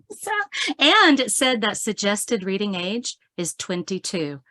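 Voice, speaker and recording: A woman's voice: mid-range voice, sing-song, crowd noise. A woman poet in her forties, chatting with easy laughter during an online interview and reading her poems aloud. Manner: chatty, laughs often, reads slowly and softly. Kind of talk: casual interview and poetry reading.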